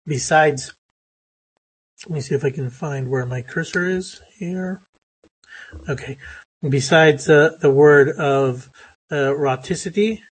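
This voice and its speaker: A man giving a recorded lecture on English phonetics, halting often with fillers and restarts as he works through his slides. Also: on the high side, slightly rough, rough recording.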